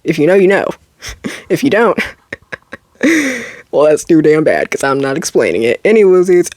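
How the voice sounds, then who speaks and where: A young adult woman vlogging, telling a personal story in a dramatic, animated way with quick asides and laughs. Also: fairly low pitch, no echo, clean studio sound. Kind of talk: casual storytelling to camera.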